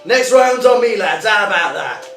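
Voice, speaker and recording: Guy doing a big brash troll merc, gruff bragging voice, music going in the back. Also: high voice, lively intonation, moderate pace, fairly bright tone, recorded from a distance, pitched above the performer's own voice. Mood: boisterous. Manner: gruff, boastful, hearty. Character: huge brash male war troll mercenary. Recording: echoey room with music behind.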